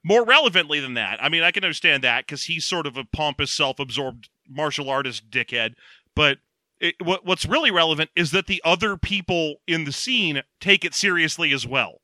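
A man's voice: on the high side, expressive, sharp tone, no room sound. A man co-hosting a casual movie-review chat, recapping scenes with sarcastic asides. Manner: sarcastic, quick recaps with mocking quoted voices. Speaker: podcast co-host.

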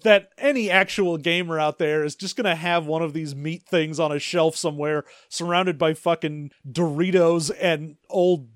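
A man's voice: fairly high pitch, fairly even intonation, normal speed, hardly any pauses, no room sound, clean studio sound. A man co-hosting a casual comedy chat, wry and joking with profane asides. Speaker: podcast co-host.

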